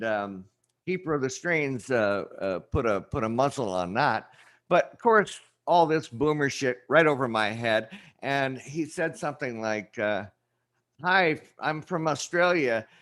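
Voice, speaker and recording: A man hosting a casual livestream chat, rambling and halting with many fillers. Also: medium pitch, fairly bright tone. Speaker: show host.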